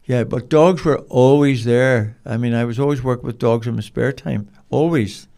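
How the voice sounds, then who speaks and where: An older man with a Northern Irish accent, telling rambling, animated stories as an interview guest. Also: medium pitch, normal speed, vocal fry. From Northern Ireland. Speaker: guest, dog trainer. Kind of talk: casual storytelling.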